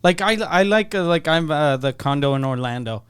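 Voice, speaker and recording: A man's voice: on the high side, lively intonation, normal speed, smooth. A man co-hosting a casual comedy podcast who drops wry questions and dry jokes between his partner's stories. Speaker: podcast co-host.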